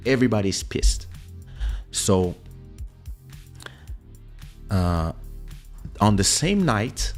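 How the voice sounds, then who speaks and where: A man, telling a personal story in a casual, animated way and acting out the voices of the people in it. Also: fairly low pitch, drawn-out words, pauses often, faint music behind. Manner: animated, acts out quoted voices. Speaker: podcast host telling a story.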